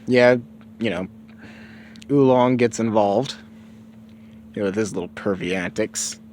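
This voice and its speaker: A man's voice: lowish voice, measured pace, darkish tone, slight background noise. A man casually retelling a story, rambling and profane, with lots of fillers.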